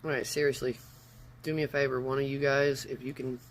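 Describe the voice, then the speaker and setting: A man's voice: medium pitch, flat delivery, brisk, slight background noise. Rambling man livestreaming from his phone. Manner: rambling, easily sidetracked, loose and informal. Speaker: live streamer. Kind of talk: casual livestream chat. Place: upstairs room at home.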